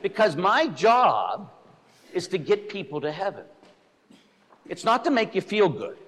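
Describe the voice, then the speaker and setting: Blunt, animated male priest preaching with a fairly high voice that swoops widely, heard with a long echo in a church. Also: a little slow. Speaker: Catholic priest. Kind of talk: sermon. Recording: echoey church hall.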